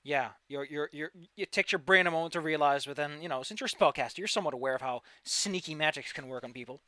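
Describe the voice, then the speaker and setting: A man's voice: on the high side, fast, pushed and bright. A man running a tabletop game as game master, narrating with theatrical flair and teasing the players.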